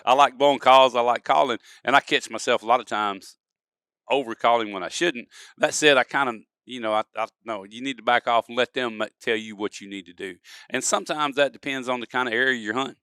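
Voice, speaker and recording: A man's voice: medium pitch, brisk, sharp tone, clean tone, dry recording, studio quality. A man, a podcast guest, telling folksy stories and acting out examples in casual conversation. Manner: folksy storyteller, acts out examples. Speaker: guest, duck-calling expert. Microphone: studio podcast mic.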